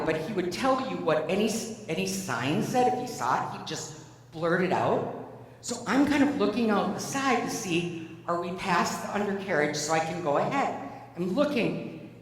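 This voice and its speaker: A woman giving a keynote speech, telling a personal story in an animated, conversational way. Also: on the low side, normal speed. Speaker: keynote speaker. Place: large event hall. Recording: echoey hall from far off.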